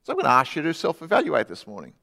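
A middle-aged man preaching a sermon, conversational, dropping from loud to hushed for emphasis. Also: fairly high pitch, huge pitch swings, very fast, gravelly, big-room sound. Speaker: pastor. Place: church.

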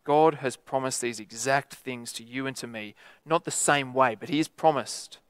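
A man's voice: mid-range voice, normal speed, clean tone, no room sound. A man preaching a sermon in a conversational way, often adding tag questions.

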